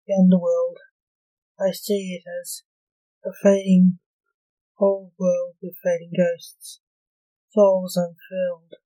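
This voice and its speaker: A woman reading a dark story aloud in a slow, solemn, dramatic manner. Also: lowish voice, level tone, rough recording. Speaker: narrator.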